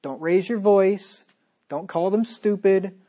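A man's voice: high voice, takes it slowly, dark tone. A man preaching a sermon as pastor, talking straight to his listeners with emphatic repetition and rhetorical questions.

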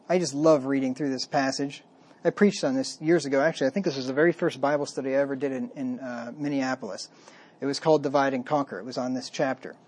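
A man's voice: fairly high pitch, darkish tone. A man giving an expository Bible sermon. He reads scripture aloud, then retells it emphatically in plain, conversational words. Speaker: preacher.

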